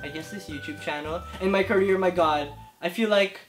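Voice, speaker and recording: Soft music plays under this casual vlog, where a young YouTuber in his 20s chats to the camera facing him and takes viewer questions. He sounds excitable and gushing, speaking briskly in a high voice whose volume jumps around energetically.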